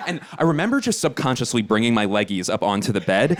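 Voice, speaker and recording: A man in his thirties doing stand-up storytelling on a theater stage, animated and jumping into high squeaky voices. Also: fast, hardly any pauses. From Philadelphia, USA. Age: 30s. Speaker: stand-up comedian. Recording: loud audience laughter behind.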